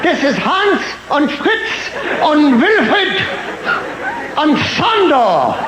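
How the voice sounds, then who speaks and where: Bit part: a man doing a shrill, formal German ski commandant, slow and swooping, with a mock German accent. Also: big pitch swings, echoey room, crowd noise, background noise, heavily acted. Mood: pompous. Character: stiff German male ski-school commandant.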